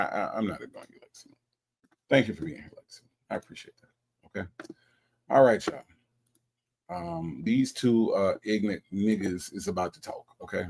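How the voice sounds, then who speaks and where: A man hosting a casual livestream who reads viewer comments aloud and reacts with animated, teasing remarks. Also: mid-range voice, creaky.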